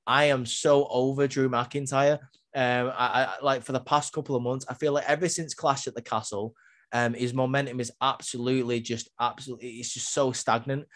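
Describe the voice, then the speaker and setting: A man talks through a wrestling show recap in a loose, conversational way. He fills gaps with plenty of ums and restarts, then jumps back into his opinions. His voice sits at an ordinary middle pitch. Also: fairly even intonation, normal speed, fairly bright tone. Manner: chatty, many filler ums, acts out quotes.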